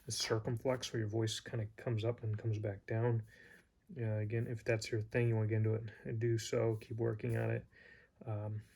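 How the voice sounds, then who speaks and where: A man's voice: fairly low pitch, little pitch movement, normal speed, vocal fry, a little mellow. A man teaching a casual lesson, rambling and hesitant with many fillers and restarts. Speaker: Greek teacher.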